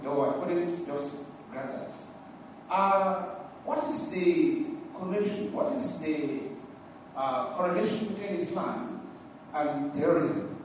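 A man in the audience asking a speaker a question, hesitant and halting with many fillers. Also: fairly high pitch, a little mellow, a little hiss or hum. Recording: distant echoey hall mic, faint ambience.

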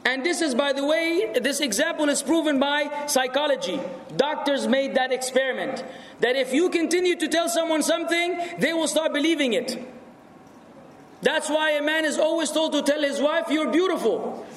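Brief: high-pitched male speaker, rhetorical and forceful, long hall echo. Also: normal speed, slight background noise. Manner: animated, rhetorical, rising to shouts. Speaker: speaker answering audience questions. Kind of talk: lecture Q&A with anecdotes. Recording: echoey hall.

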